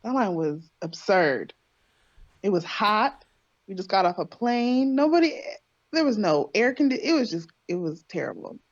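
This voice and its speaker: A woman's voice: medium pitch, sing-song, normal speed, no room sound. Female podcast guest, earnest and reflective, dry, slightly dull sound. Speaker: podcast guest, host's partner. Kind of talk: casual chat.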